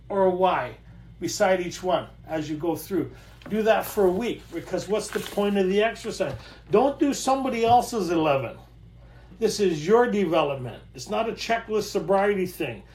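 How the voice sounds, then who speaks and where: A middle-aged man with a high-pitched voice gives a casual storytelling talk from home. He is animated, laughs often and repeats his phrases for emphasis. The sound is echoey, as if recorded in a bare room. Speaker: recovery workshop speaker.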